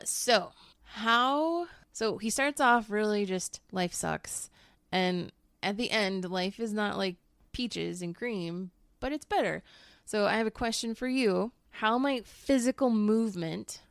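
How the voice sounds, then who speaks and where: A woman's voice: medium pitch, gravelly, no echo, clean studio sound. A woman teacher chatting casually about a book she read, laughing often and swearing now and then. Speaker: teacher and guest book reviewer. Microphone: home microphone.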